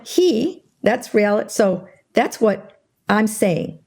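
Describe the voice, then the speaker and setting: A woman's voice: medium pitch, slow, gravelly, husky. An older woman explaining a communication model in an interview, telling stories and acting out the dialogue in them. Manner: animated storyteller, acts out quoted dialogue. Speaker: guest expert on interpersonal skills.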